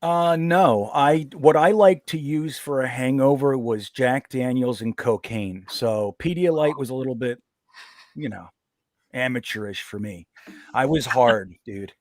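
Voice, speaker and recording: A man, a father, giving blunt, halting opinions and self-mocking jokes on a casual panel. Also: medium pitch, no echo, studio quality. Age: adult with children.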